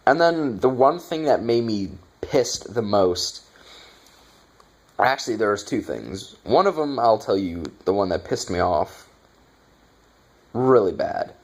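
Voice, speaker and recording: A man's voice: fairly low pitch, expressive, takes it slowly, pauses often. A man reviewing a bad movie in a casual, exasperated rant, swearing and sarcastic.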